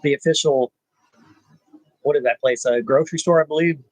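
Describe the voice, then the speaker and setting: A man, hosting a rambling live chat with viewers, pausing often with "uh". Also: fairly high pitch, no room sound, poor audio. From South Texas. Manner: laid-back, rambling, frequent "uh" pauses. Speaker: channel host.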